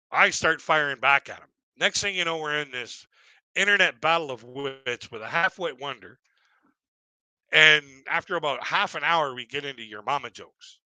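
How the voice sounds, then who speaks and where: On a live stream, a middle-aged stand-up comedian rambles through a story, repeating himself and acting out other people in raised voices. His voice is slightly high, pushed and bright. The recording is rough but has no echo.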